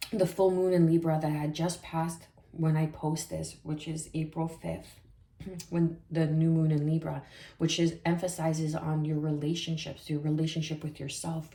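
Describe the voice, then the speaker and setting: A woman giving a spiritual tarot reading in a soft, reflective way, often repeating phrases for emphasis. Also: sits low, reverberant. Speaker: tarot reader.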